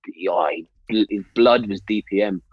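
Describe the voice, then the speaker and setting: An army veteran telling rowdy barracks stories in casual chat, swearing and laughing. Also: male voice, lowish voice, normal speed, no room sound, muffled recording.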